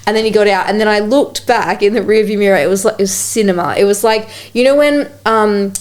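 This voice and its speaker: A woman's voice: medium pitch, brisk. A young woman hosting a podcast, telling a story in casual chat, swearing freely and acting out quotes. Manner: animated, swears freely, acts out quotes in a raised voice. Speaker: podcast host.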